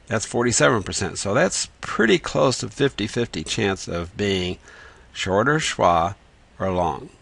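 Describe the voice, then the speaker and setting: A man teaching reading rules in a patient, methodical lesson, slowly sounding out words as he writes. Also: on the low side, gravelly, a bit bright, dry recording. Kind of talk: explanatory lesson with whiteboard.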